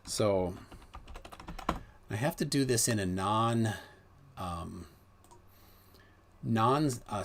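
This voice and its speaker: A middle-aged man hosting a livestream, talking casually in a rambling, animated way with many restarts. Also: deep voice, gravelly, slight background noise. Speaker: livestream host.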